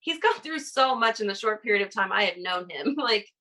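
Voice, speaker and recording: A woman's voice: medium pitch, expressive, a little fast, bright, forceful tone, low-quality recording. A woman on a casual podcast, telling a personal story in a rambling way, laughing between phrases. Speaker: guest.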